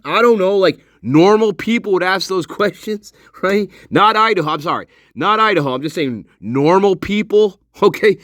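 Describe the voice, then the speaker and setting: A man's voice: high voice, animated, moderate pace, few pauses, a bit bright, dry recording, studio quality. A man giving sarcastic, profane casual commentary over video footage, laughing often. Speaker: online commentator.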